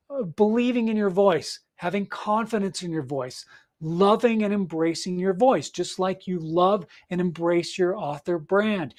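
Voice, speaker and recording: A middle-aged man hosting a solo podcast as an audiobook coach, giving motivational advice and checking in with frequent "right?". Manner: encouraging, repeats points with frequent "right?" and "all right?"; acts out nervous clients in a higher, louder voice.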